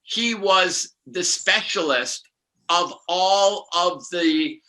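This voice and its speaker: Slow, bright-voiced older man. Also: sits high, low-quality recording. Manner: anecdotal, laughing, many restarts. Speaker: numerologist guest. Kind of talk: rambling spiritual storytelling.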